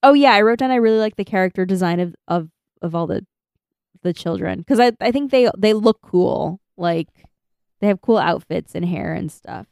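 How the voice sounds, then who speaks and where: A woman's voice: medium pitch, normal speed, vocal fry, a little mellow, clear, resonant tone, dry recording, clean studio sound. A woman co-hosting a podcast, chatting casually and laughing as she reads out her notes. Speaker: podcast co-host. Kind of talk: casual chat recapping an anime.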